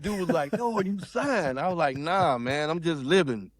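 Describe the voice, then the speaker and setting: A man's voice: fairly high pitch, lively intonation, normal speed, no echo, studio quality. A man from South Carolina, telling a story in casual chat and acting out quotes in shifting voices. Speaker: podcast guest.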